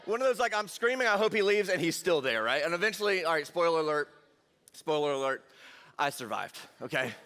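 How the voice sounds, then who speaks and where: A young man giving a lively, jokey youth sermon and talking straight to the crowd. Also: on the high side, fairly quick. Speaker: youth pastor. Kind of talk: energetic youth sermon storytelling. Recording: long hall reverb.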